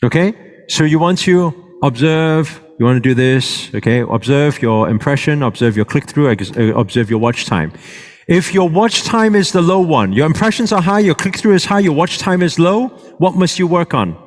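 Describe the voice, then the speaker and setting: In a large, reverberant hall before a live audience, a man presents a workshop with a fairly high, animated voice at a moderate pace. He moves around as he speaks and checks in with the audience often.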